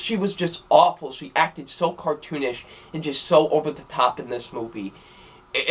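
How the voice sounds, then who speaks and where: A young man giving a casual spoken film review, rambling with many fillers and repeated phrases. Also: mid-range voice. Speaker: movie reviewer.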